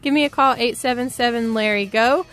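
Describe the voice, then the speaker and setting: A woman's voice: on the high side, fairly quick, a bit bright, soft background music. A woman co-hosting a radio talk show, chatting casually and reading out contact details for listeners. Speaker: radio co-host.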